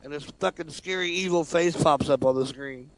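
A man's voice: a little high, normal speed. A man co-hosting a casual radio talk show, telling a story with lots of laughter and swearing. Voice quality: animated, swearing, laughs often.

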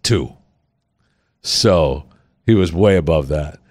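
A man's voice: rumbling low, slow, a little mellow, no echo. Dry-voiced man telling a story. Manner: wry storyteller, acts out quoted people. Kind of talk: casual chat.

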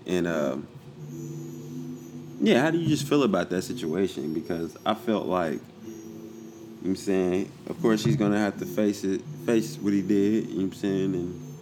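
A man's voice: low voice, normal speed, pauses often, noisy background. A man co-hosting a casual chat, laid-back and slangy, rambling with lots of fillers. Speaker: podcast co-host.

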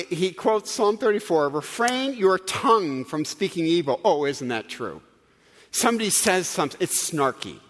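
A man's voice: fairly high pitch, fairly bright tone. A man preaching a sermon with humor and asides to the congregation. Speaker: pastor. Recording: long hall reverb.

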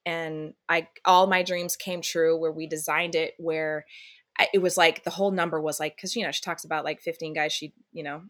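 Bright-voiced woman telling candid stories. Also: low voice, normal speed. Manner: candid, animated storyteller, swears freely. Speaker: musical theater actress, guest. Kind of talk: casual interview conversation.

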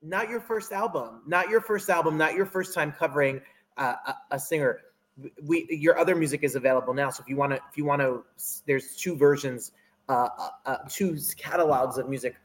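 A man's voice: mid-range voice, a little fast, low-quality recording. A man with a New Jersey accent hosting an interview, asking questions and promoting his guest's album with upbeat emphasis.

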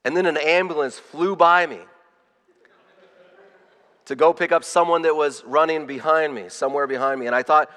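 A man preaching a sermon, telling a personal story with animated swings from loud to hushed and frequent repeated words. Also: fairly high pitch, moderate pace, long pauses. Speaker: pastor. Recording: long reverb of a large hall.

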